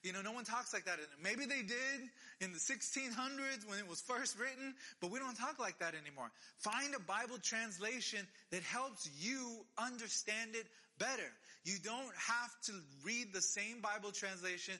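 A man with a high, very bright voice preaches in a casual, conversational way. He presses his points with emphatic repeated phrases. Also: normal speed, few pauses. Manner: conversational, emphatic repetitions, animated. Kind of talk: casual sermon.

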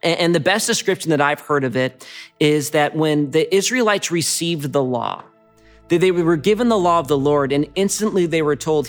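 A man's voice: fairly high pitch, animated, moderate pace, faint music behind. A man preaching as a pastor, telling stories earnestly and reading from scripture. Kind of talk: sermon.

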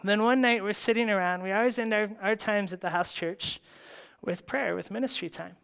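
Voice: mid-range voice, moderate pace, vocal fry, a bit bright, clear, resonant tone. House church leader, conversational storyteller who acts out both sides of a talk and laughs often. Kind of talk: personal faith story.

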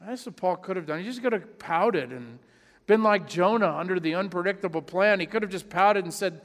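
A male pastor with a high voice delivers a sermon in an easy, conversational way, owning up to his own failings and acting out the voices of people he imagines. His words ring out with the long reverb of a church hall. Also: animated, fairly quick. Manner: conversational, self-deprecating preaching with mock voices.

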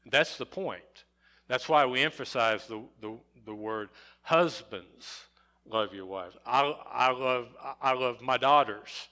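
Middle-aged male pastor, unhurried sermon delivery, bright, forceful tone, repeats key words for emphasis. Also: mid-range voice.

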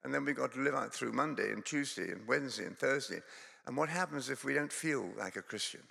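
A man's voice: medium pitch, fairly quick, creaky, pushed and bright, big-room sound. A Scottish man preaching a sermon in a church, conversational and self-deprecating, with digressions and humorous storytelling. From Scotland.

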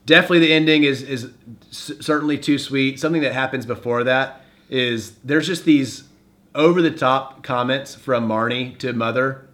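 A man's voice: medium pitch, moderate pace. A man hosting a laid-back movie-review podcast, his voice sitting in a middle register. He talks animatedly, slipping into little acted-out quotes as he walks through scenes. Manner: animated, acts out quoted lines while recapping. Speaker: podcast host.

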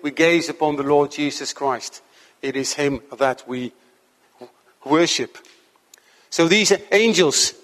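Guy preaching earnestly, kinda high voice, long church echo. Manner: earnest, measured preaching with slow emphatic stretches. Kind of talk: sermon.

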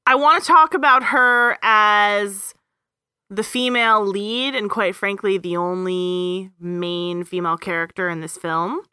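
A woman co-hosting a chatty podcast, her voice bright and crisp. She sounds lively and quick with her asides. The sound is close and dry. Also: medium pitch, no echo. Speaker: podcast co-host. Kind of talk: casual chat.

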